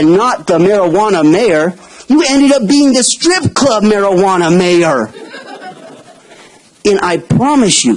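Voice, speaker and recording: High-pitched, animated man scolding the council. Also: poor audio. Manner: confrontational, pointed and emphatic. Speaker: public commenter at a city council meeting. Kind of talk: public comment speech.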